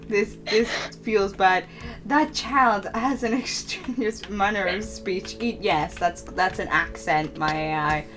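A young woman voicing her lead character in an improvised game role-play, excitable and giggly, sliding into whiny squeals. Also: mid-range voice, takes it slowly, over music.

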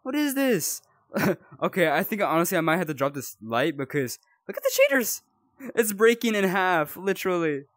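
A man's voice: high-pitched, wildly swooping pitch, normal speed, a bit bright, no room sound, clean studio sound. A young man commentating his own horror game playthrough, jumpy and rambling, yelping when startled. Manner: jumpy, yelps and rambles while scared. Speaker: gaming YouTuber.

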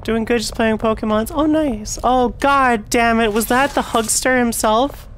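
A young woman streaming a horror game, chatting to her viewers and swearing and yelling when the game frustrates her. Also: fairly high pitch, measured pace, a little hiss or hum. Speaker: VTuber streamer. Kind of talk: casual gameplay commentary.

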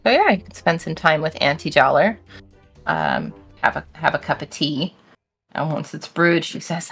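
A woman's voice: low voice, very animated, normal speed, creaky, fairly bright tone, husky, faint music behind. A woman narrating as game master of a tabletop game, casual with many fillers.

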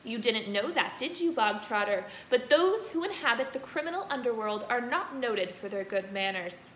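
A woman puts on a bullying storybook headmistress who roars insults in a bright, forceful voice. Her shouting rings around a roomy, echoey space with faint noise behind. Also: a little high, lively intonation, normal speed. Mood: booming. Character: tyrannical hulking headmistress, bellowing and cruel.

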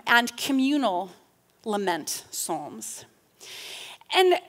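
Slow, earnest woman teaching from scripture. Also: a little high, a bit bright. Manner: slow, earnest, with frequent rhetorical "right?"; reads psalm passages with rising intensity. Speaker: teacher in a church class. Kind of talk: reflective Bible teaching with scripture reading.

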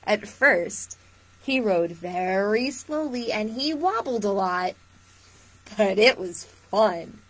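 A woman librarian reading a picture book aloud for children, asking gentle questions of her young listeners. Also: medium pitch, animated, slow pace. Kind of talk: children's storytime read-aloud.

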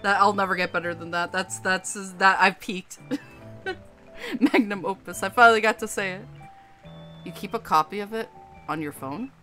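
Chatty, bright-voiced gaming woman. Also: medium pitch, normal speed, long pauses, soft background music. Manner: chatty, self-mocking, laughing at her own slips. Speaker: gaming streamer. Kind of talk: let's play commentary.

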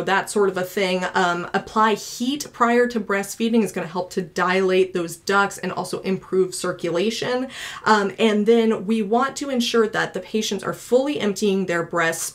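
A woman in her thirties giving a recorded nursing lecture, talking conversationally to students with asides and stories from her own life. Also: medium pitch. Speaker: nursing instructor.

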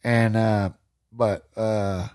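A man with a Texan accent, a podcast guest telling animated stories with folksy country slang and frequent laughter. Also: lowish voice, very slow. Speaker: podcast guest, hunting storyteller. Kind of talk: casual storytelling.

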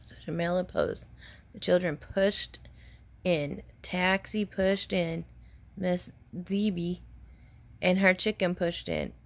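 A woman's voice: fairly low pitch, animated, slow. A woman teacher reading a picture book aloud to children and asking them questions between pages.

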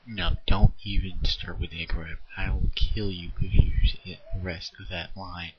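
A man making a homemade comedy skit, grumbling and complaining with stumbling repeats, his voice kept quiet for recording at night. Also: deep voice, little pitch movement, measured pace, highs cut off, background noise. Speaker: home video maker.

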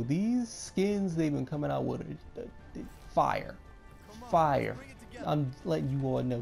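A young man giving excitable gameplay commentary, often repeating himself. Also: on the high side, creaky. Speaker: gaming YouTuber.

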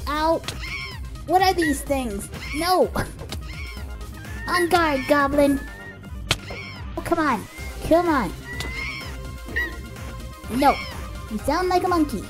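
A woman giving excitable let's-play commentary, gasping and cooing at her pet as she narrates her play. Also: high voice, takes it slowly, pauses often, music in the background. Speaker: game video creator.

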